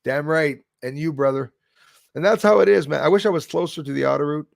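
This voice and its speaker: A Canadian man hosts a casual livestream, reading chat, rambling bluntly and greeting viewers by name. His creaky voice sits on the high side and moves briskly, captured in clean studio sound with no room sound.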